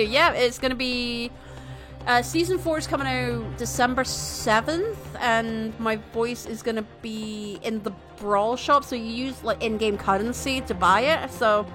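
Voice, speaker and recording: A Scottish woman streaming a game, chatty and animated, swearing casually as she reads dialogue aloud. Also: fairly high pitch, moderate pace. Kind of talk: live game playthrough, reading dialogue aloud. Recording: game music playing underneath.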